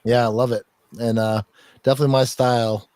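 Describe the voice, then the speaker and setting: A man's voice: medium pitch, little pitch movement, brisk, darkish tone, no room sound. A man hosting a podcast in casual chat, reading contributor bios aloud in a rambling, joking way that is full of swearing and laughter. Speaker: podcast host.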